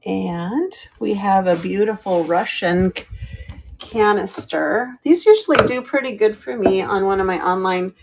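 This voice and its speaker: A middle-aged woman chats at a measured pace as she sells vintage items on a live stream, thanking viewers by name. Her mid-range voice carries vocal fry, and a little hiss or hum is audible in the recording.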